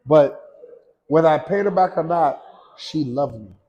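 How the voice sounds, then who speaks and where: A man with a slightly raised pitch speaks in a loose, unscripted monologue as the host of his own show. He rambles earnestly, drops in casual slang and often restarts his sentences. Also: measured pace, mellow, highs cut off.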